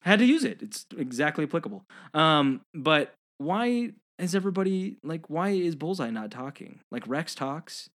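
Male co-host, casual film chat, very lively intonation, quick to do silly character voices. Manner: animated, breaks into high squeaky impressions of characters. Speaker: podcast co-host. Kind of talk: casual movie discussion.

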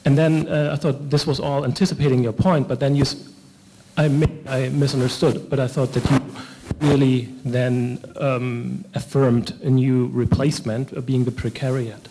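Man, audience question, halting, flat-pitched, mellow tone. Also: a little hiss or hum, rough recording. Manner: halting, many fillers and restarts. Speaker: audience member asking a question. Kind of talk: hesitant question from the floor.

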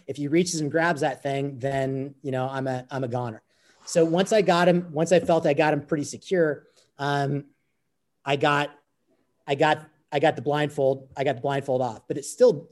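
Earnest man, fairly high voice. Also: darkish tone. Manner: earnest, repeats phrases as he recounts. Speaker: interview guest. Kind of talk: conversational storytelling.

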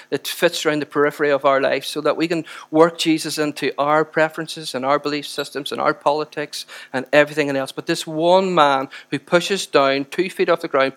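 Man, preacher, high voice, impassioned sermon, faint mains hum. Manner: impassioned, animated delivery with rising emphasis.

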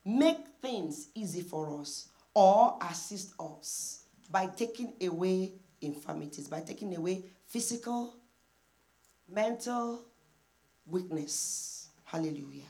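With a lowish, dark voice, this woman preaches slowly but animatedly, acting out prayers in quoted voices. She leans on emphatic repetition and call-and-response throughout her sermon.

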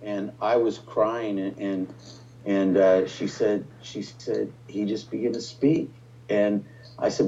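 Pastor, middle-aged man, low mellow voice, heartfelt halting testimony, dull lo-fi audio. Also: level tone. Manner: emotional storytelling with many restarts. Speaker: pastor, guest. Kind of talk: personal testimony in conversation.

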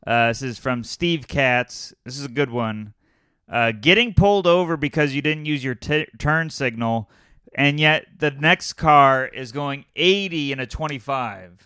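A man hosting a casual podcast, reading topics and making wry, quick remarks to his co-host. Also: medium pitch, pushed and bright, clear, resonant tone, no echo, clean studio sound.

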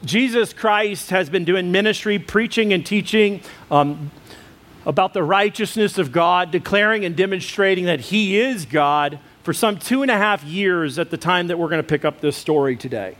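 A man preaching a sermon in a high voice. He tells a personal story with lively energy, acts out what people said and laughs at himself along the way. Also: moderate pace. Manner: animated storytelling, acts out quotes, self-deprecating laughs. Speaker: pastor.

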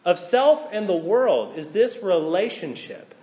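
Animated high-voiced male preacher. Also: unhurried. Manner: animated, swings between loud exclamations and hushed asides. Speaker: pastor. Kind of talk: sermon.

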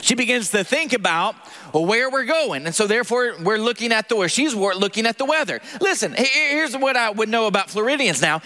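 Animated Southern pastor with a bright voice. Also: male voice, high-pitched, brisk. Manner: animated, calls out for congregation responses, jokes about himself. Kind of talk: sermon.

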